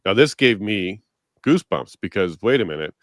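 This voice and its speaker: A man's voice: on the low side, expressive, moderate pace, dry recording, studio quality. A man hosting an interview show, earnest and steering the talk, reading quotes and asking his guest's view. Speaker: host.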